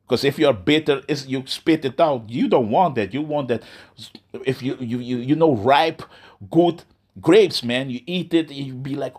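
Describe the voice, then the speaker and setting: A man preaching in a loose, conversational way, tagging "man" onto nearly every phrase. He stumbles and restarts as he goes, and slows right down to read scripture aloud. His voice sits at a middle pitch for a man. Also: darkish tone, breathy edge. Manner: ends nearly every phrase with "man", restarts often, reads verses slowly. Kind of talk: informal sermon with scripture reading.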